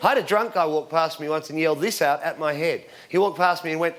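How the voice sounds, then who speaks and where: An Australian man in his forties doing stand-up comedy, telling rambling deadpan stories with sudden shouted punchlines. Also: a little high, brisk. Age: 40s. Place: theatre stage with live audience. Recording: live show with loud crowd laughter.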